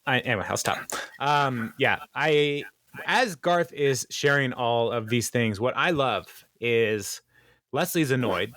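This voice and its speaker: A man co-hosting a podcast talks casually through a sitcom episode, slipping in playful jokes. He has a middle-pitched voice that sounds dry and close on the mic. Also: animated, slow pace, a bit bright, no room sound. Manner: playful, jokey asides, dips into mock voices. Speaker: podcast co-host.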